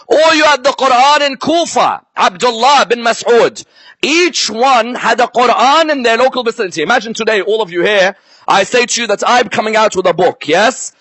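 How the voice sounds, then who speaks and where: A man's voice: extremely high pitch, fairly bright tone, no echo. A man giving a live religious history lecture who keeps checking in with his listeners through rhetorical questions. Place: lecture before a live audience.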